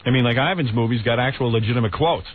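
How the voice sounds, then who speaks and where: A man's voice: medium pitch, fast talker. A man with a slight New York accent hosting a radio show, bantering bluntly and sarcastically. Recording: tinny phone-like radio audio, faint hiss.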